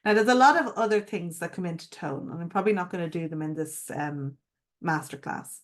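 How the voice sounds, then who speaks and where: In a live-streamed masterclass, a middle-aged mindset coach talks a little fast in a lowish voice. Her delivery is expressive and emphatic, and she keeps asking the audience direct questions.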